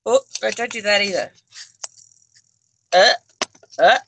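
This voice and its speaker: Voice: mid-range voice, takes it slowly, background noise. A person with an Australian accent chatting casually on a livestream from their bedroom, giggling often and talking straight to the viewers through a phone on a selfie stick. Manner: giggly, chatty, talks to the chat. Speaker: livestream co-host. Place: own bedroom.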